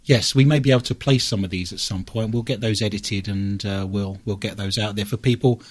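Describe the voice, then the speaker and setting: A man with an East London Cockney accent, co-hosting casual radio talk and telling his stories in a measured way with asides. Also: on the low side, steady tone. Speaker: paranormal investigator co-host.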